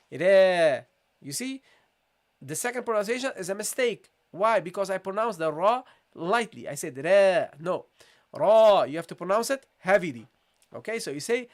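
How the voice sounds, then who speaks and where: A high-pitched man leads a live online recitation lesson. He patiently repeats his questions to viewers and models the sounds slowly.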